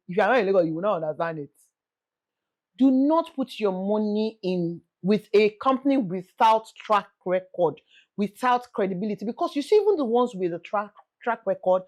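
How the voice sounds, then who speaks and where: A young Nigerian woman with a Nigerian accent, hosting a casual real estate talk, pleading and animated, slipping in Yoruba phrases. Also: mid-range voice. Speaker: real estate vlogger host. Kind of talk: casual chat to camera.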